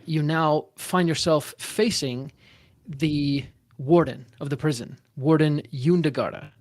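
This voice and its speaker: Halting male game master. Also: on the high side, darkish tone, no echo. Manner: halting, many fillers and restarts. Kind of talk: narrating a tabletop one-shot.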